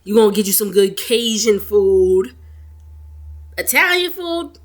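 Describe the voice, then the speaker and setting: A woman's voice: medium pitch, fairly even intonation, normal speed, mellow. Chatty Southern woman recapping reality TV. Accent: Southern US, Texas. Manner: gossipy, laughs often, drawls with Southern slang. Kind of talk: casual chatty episode recap.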